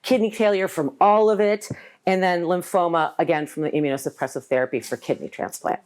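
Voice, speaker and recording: A woman in her forties shares her personal story at a live event, candid and wry. Her voice sits low and full. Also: steady tone, a little fast, a little mellow. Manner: candid, humorous, acts out quoted voices. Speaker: guest speaker.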